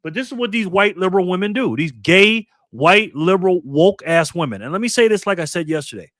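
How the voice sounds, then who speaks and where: A man's voice: sits high, lively intonation, a little fast, a bit bright, no echo, studio quality. A man in his fifties from New York State, hosting a live political commentary stream and ranting angrily with lots of profanity. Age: 50s. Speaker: livestream host.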